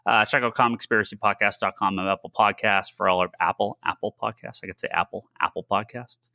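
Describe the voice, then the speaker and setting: A man's voice: on the low side, steady tone, fast talker, pushed and bright, no room sound. A man with a Boston accent co-hosting a podcast, talking in a loose, rambling way with plenty of "uh"s and casual swearing. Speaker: podcast co-host. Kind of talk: casual chat.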